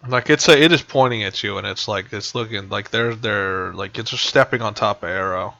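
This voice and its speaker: A man's voice: lowish voice, a little fast, vocal fry, bright, forceful tone, no room sound. A man narrating as game master of a tabletop game over voice chat, rambling with many fillers. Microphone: voice chat headset. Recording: dull lo-fi voice chat.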